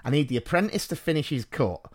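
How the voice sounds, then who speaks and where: A man spins a long comic anecdote on a podcast, his pitch rising and falling a lot as he acts out both sides. He is self-mocking and often laughs as he talks, with a voice pitched a little above most men's. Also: expressive, fast talker. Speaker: podcast co-host. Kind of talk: casual storytelling chat.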